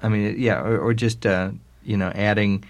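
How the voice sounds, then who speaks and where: A man conducts an interview in a low voice. He stops and restarts his sentences often, circling around his point before he gets there. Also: steady tone. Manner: halting, many restarts. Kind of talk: radio interview.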